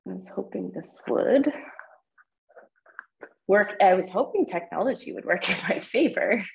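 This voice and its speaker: A woman's voice: medium pitch, expressive, a little slow, gravelly, echoey room, low-quality recording. A woman teaching tenor drumming in an online group lesson, patiently counting the rhythms aloud with frequent ums. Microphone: video call microphone.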